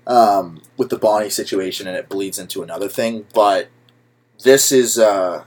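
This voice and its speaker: A young man co-hosting a podcast, talking casually and excitedly about a movie, with lots of fillers, swearing and laughs. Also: lowish voice, moderate pace. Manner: animated, swearing, many likes and laughs. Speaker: podcast co-host.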